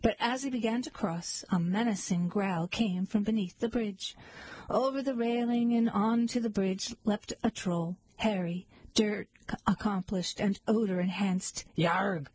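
A woman's voice: mid-range voice, a little slow, a little mellow, slightly rough, no echo, poor audio. A woman narrating a satirical fairy tale with a dry, mock-earnest delivery. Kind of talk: storybook narration.

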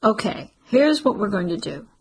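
A woman voicing calm, earnest Garrett. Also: mid-range voice, moderate pace, slight background noise, low-quality recording. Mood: even. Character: Garrett, awkward young man, calm and earnest.

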